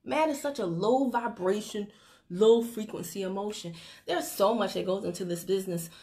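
A woman who leads a network marketing team gives a motivational Facebook Live talk from her phone, chatty and teasing and breaking into laughter. Her voice is medium-pitched and warm, at a moderate pace.

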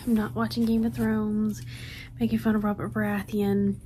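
A woman's voice: mid-range voice, flat delivery, normal speed, warm tone, slight background noise, rough recording. A woman chatting casually to camera as a book vlogger, rambling with lots of ums and restarts. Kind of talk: casual chat.

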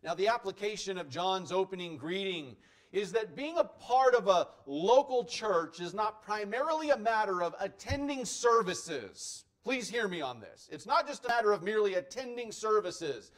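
A male pastor preaching a sermon in an earnest, emphatic way, his loudness rising and falling widely. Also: sits high, animated, moderate pace.

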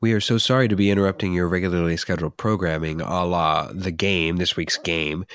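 A man with a fairly low voice chats on a casual podcast, eager and quick to laugh. The recording is dry and close, with no room sound at all. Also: steady tone, fairly bright tone, no room sound. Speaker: podcast co-host.

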